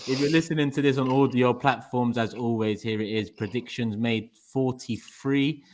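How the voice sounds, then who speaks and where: A man's voice: mid-range voice, fairly even intonation, normal speed, a little hiss or hum. A man hosting a casual podcast chat, bantering and laughing often. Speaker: podcast host running predictions.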